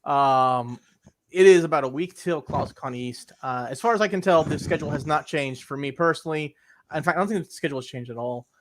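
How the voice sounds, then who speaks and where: A man's voice: fairly high pitch, fairly quick. A young man co-hosting a podcast, chatting casually in a rambling way with crude jokes and lots of repeated words. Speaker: podcast co-host. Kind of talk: casual chat.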